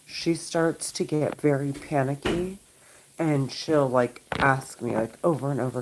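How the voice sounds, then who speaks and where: Low-voiced woman pleading to camera. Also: a little slow, background noise. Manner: pleading, repetitive, agitated. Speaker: vlogger. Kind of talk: monologue to camera. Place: home.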